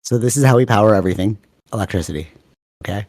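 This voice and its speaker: Fast-talking low-voiced man on a podcast. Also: no echo, studio quality. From Canada. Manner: fast-talking, rambling, animated. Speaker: podcast co-host. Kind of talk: casual chat.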